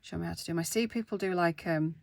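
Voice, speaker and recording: A woman's voice: lowish voice, fast talker, vocal fry, a little mellow, a little hiss or hum. A woman in her thirties, chatting casually and self-deprecatingly to viewers as she works on a craft project at home. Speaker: craft vlogger. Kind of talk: casual craft-along chat.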